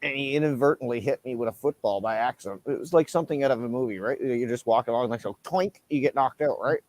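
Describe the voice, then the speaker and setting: A man chatting casually on a livestream and telling stories lively, acting out what people said. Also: medium pitch, fast talker. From Canada. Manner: animated storyteller, acts out shouted quotes. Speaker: livestream host. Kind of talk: casual chat.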